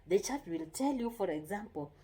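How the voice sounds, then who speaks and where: A woman with a slightly husky, mid-pitched voice gives casual parenting advice. She speaks earnestly, repeats her points, and keeps checking in with "okay?" as she talks. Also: lively intonation, normal speed, mellow. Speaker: parenting vlogger.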